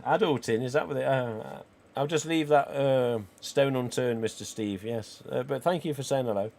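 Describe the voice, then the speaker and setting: A man, croaky today, hosting a live stream and chatting cheekily with viewers. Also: mid-range voice, moderate pace, darkish tone. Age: 40s. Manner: chatty and cheeky, with casual swearing. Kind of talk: casual livestream chat reading viewer comments.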